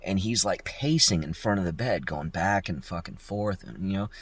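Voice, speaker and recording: A man's voice: low voice, normal speed, breathy edge, no room sound. A young man, a locksmith, telling a work story in a casual, profane way and mimicking the people in it. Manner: profane, animated, mimics voices in quotes.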